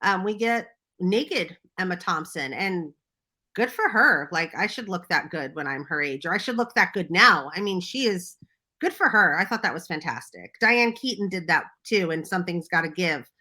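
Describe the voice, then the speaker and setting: A woman's voice: fairly low pitch, animated, normal speed, sharp tone. An American woman and film publicist, chatting casually and enthusiastically about movies on a podcast. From United States. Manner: chatty, enthusiastic, lots of fillers.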